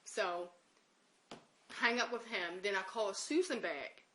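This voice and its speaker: A woman's voice: mid-range voice, measured pace, bright, forceful tone, a little hiss or hum. A woman recounting an emotional personal story in an interview, acting out the conversations she quotes. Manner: emotional recollection.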